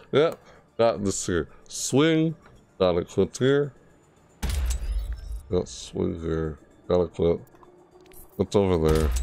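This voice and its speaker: A low, gravelly man's voice drifts along at an unhurried crawl, muttering and rambling to himself as he plays. He sounds tired and sleepy, a casual game streamer talking half to his viewers and half to himself, with faint game music underneath. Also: warm tone. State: tired, yawning. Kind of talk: casual live-stream commentary.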